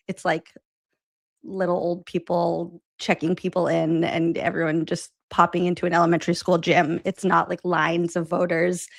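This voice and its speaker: Chatty low-voiced woman host. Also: vocal fry, dry recording. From Massachusetts. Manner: chatty, filler-heavy, laughs easily. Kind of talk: casual chat.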